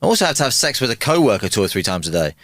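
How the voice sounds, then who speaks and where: A man voicing an excitable male patient in a spoken joke, his voice jumping much higher. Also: very fast, no echo, studio quality. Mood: boastful. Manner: jumps much higher and louder. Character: excitable man confessing to a doctor.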